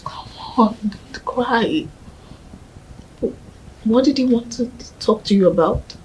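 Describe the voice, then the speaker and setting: A gentle young woman, soft and coaxing, mellow voice, faint room hum, film drama. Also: fairly high pitch, expressive, slow, rough recording. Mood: tender. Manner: tender and coaxing, often hushed. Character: gentle young woman comforting her grieving partner.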